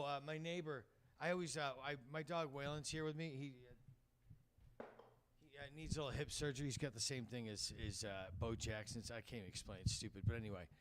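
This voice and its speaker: A man doing a stand-up set, telling rambling stories and acting out voices and sung bits. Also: medium pitch. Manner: rambling storytelling, acts out voices and sings bits. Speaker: stand-up comedian. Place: comedy club stage.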